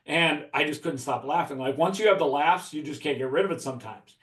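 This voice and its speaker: A man's voice: a little high, brisk, fairly bright tone. A man from the Chicago area telling a profane story in a casual chat, laughing as he talks. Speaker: podcast guest. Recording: echoey room.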